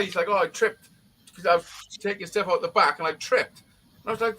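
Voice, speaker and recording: A man's voice: high voice, fast, pushed and bright, rough recording. A middle-aged man, telling a rambling story in casual chat and swearing constantly.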